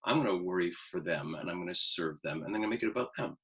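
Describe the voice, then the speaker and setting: A man's voice: low-pitched, fast talker, fairly bright tone, rough recording. Candid, swearing man in his fifties. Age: 50s. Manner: candid, self-mocking, swears, acts out his inner voice. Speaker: acting teacher. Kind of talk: casual pre-class talk.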